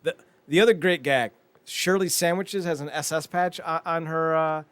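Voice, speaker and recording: A man co-hosting a casual talk show, animated and swearing, acting out scenes as he recaps them. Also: a little high, moderate pace, clean tone, dry recording. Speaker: podcast co-host.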